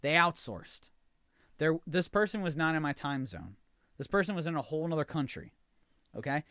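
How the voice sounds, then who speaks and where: An American podcast host with a slightly high, expressive, somewhat bright voice rants through a frustrated story at a normal speed, playing both sides of each conversation. The recording is dry and studio quality.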